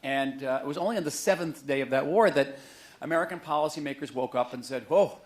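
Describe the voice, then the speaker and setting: Middle-aged guy giving a book talk, fairly high voice, jokey and animated, museum hall mic. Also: fast. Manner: conversational, joking, animated storytelling. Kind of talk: public lecture to an audience. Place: museum auditorium with a live audience.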